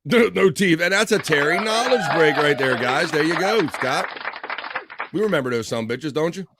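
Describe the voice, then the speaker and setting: A man's voice: on the high side, expressive, moderate pace, very noisy. A man hosting a casual live stream, rambling, laughing often and restarting his sentences. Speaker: livestream host.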